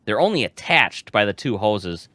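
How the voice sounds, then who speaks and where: A man's voice: fairly low pitch, big pitch swings, moderate pace, background noise. A man chatting casually on a live stream as a robot combat team member, blunt and joking.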